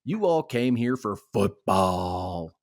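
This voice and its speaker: Man hosting a casual sports podcast. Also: on the low side. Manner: jokey, reads ad copy at a brisk steady clip. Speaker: podcast host.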